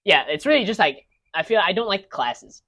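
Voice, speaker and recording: A man's voice: high-pitched, animated, normal speed, pushed and bright. Rambling young-sounding man ranting casually. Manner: rambling, many restarts and fillers. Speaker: podcast co-host. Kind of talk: casual rant among friends.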